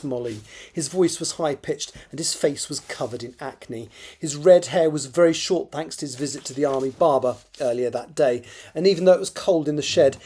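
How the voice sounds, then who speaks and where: A man with a mellow, slightly husky voice reads his own fiction aloud at his desk. He often stops to repeat and rework a phrase. Between passages he mutters quiet asides to himself. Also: mid-range voice. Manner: halting, rereads and corrects phrases, mutters asides under his breath. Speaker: author.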